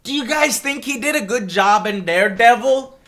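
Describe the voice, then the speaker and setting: A man's voice: extremely high pitch, lively intonation, moderate pace, bright, forceful tone. A man ranting to camera in an exasperated, heavily profane vlog, repeating himself as he works through his complaints. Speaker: vlogger. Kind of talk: angry rant to camera.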